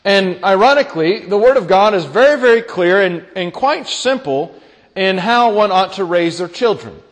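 Man, young, pastor, sermon, high voice, earnest, repeats key lines, church hall reverb. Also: lively intonation, moderate pace. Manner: earnest preaching, repeats key phrases, poses questions to the congregation.

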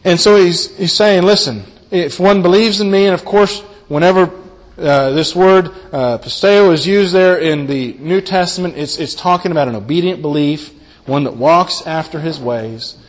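Halting preacher with hall reverb. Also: male voice, a little high. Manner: earnest, halting with repeated words. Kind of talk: sermon.

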